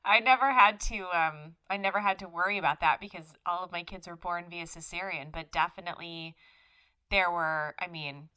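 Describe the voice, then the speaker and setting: A woman co-hosting a podcast in easygoing, casual chat. Her voice has a bright, forward tone. She tells her own stories plainly and gives short replies while the other host talks. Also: on the low side, normal speed, clear, resonant tone. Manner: easygoing listener, laughs often, short replies.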